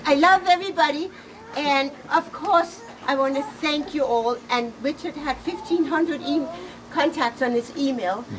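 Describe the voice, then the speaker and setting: A middle-aged woman giving a personal eulogy, halting and emotional, laughing through tears. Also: sits high, distant mic. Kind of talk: personal eulogy, casual storytelling. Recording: noisy room ambience.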